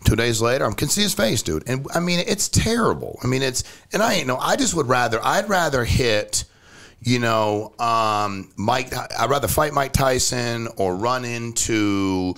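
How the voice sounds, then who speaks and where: A man in casual conversation as a podcast guest, blunt and direct, telling stories and pushing his point hard. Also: measured pace. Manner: blunt, animated, jumps pitch for emphasis. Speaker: company CEO, podcast guest. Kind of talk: casual storytelling chat.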